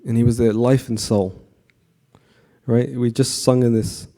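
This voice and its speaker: Guy with a deep mellow voice giving a chatty temple class, asks the crowd questions, lots of ums. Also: unhurried. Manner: conversational, asks the audience questions; frequent fillers and restarts, relaxed. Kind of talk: devotional class lecture to a live audience. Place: temple hall with an audience.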